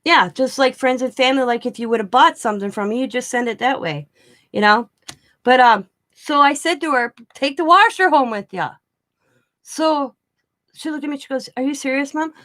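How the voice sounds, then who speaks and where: A woman's voice: high-pitched, a little fast, a bit bright. A middle-aged woman chatting casually to her viewers, rambling and laughing often as she tells stories. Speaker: craft vlogger. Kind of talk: casual storytelling chat.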